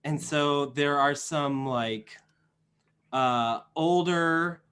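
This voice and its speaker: Man, game master, rambling narration, tabletop game, slightly high voice. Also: extremely slow, a bit bright, clear, resonant tone. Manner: rambling, full of fillers and restarts.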